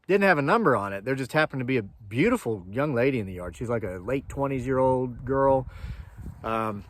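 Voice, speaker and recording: A man's voice: mid-range voice, expressive, brisk, a little hiss or hum. A man from Appalachia telling a long, rambling story to his viewers in a casual, chatty way, with frequent asides and digressions. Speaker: homesteading channel host.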